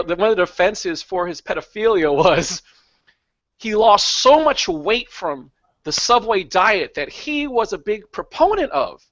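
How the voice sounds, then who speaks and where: A man's voice: high voice, pushed and bright, no echo, highs cut off. A man hosting a podcast, amused and conversational. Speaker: podcast host. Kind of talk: casual chat.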